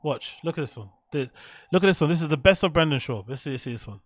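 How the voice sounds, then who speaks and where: A man's voice: fairly high pitch, animated, quick pace, no room sound, clean studio sound. A man hosting a stream, giving blunt, profane reaction commentary on comedy clips and laughing often.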